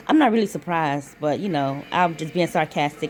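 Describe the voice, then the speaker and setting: Woman talking from bed into her phone, casual storytelling, cusses a lot, soft music faint in the back. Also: on the low side, brisk, hardly any pauses. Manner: chatty, swears freely, animated retelling. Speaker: vlogger. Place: lying in bed at home.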